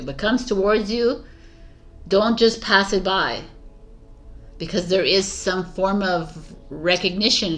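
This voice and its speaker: A woman's voice: mid-range voice, fairly bright tone. Enthusiastic woman giving a tarot reading. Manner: rambling and enthusiastic, many restarts. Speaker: tarot reader. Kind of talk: casual tarot reading to camera.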